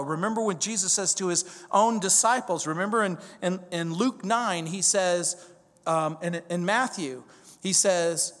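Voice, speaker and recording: A man preaching a verse-by-verse sermon in a conversational, animated way, building emphasis through repetition. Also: sits high, normal speed. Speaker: pastor. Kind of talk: expository sermon. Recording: long hall reverb.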